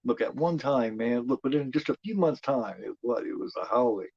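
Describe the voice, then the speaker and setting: A man's voice: mid-range voice, animated, a little fast, creaky, husky, no echo, dull audio. A man hosting a horror film watch-along, chatting in a rambling, profane way, full of "you know" fillers. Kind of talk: casual live commentary.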